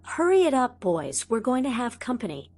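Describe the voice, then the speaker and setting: A woman's voice: a little high, a little slow, faint music behind. A woman voicing a reckless teenage boy wizard bent on revenge, brash and foul-mouthed, in an audiobook. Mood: rowdy.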